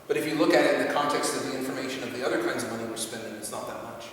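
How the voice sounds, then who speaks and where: An American man giving a university lecture, talking conversationally and quoting people in lively asides. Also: medium pitch, racing. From United States. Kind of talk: university lecture with audience questions. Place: lecture hall. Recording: echoey hall from far off, faint noise.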